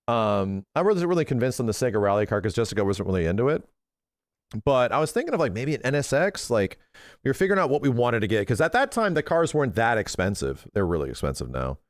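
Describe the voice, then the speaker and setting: Male streamer, casual chat, profane, lively swooping pitch, dead dry sound. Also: fast talker, no room sound. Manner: excitable, profane, retells talks in quoted voices.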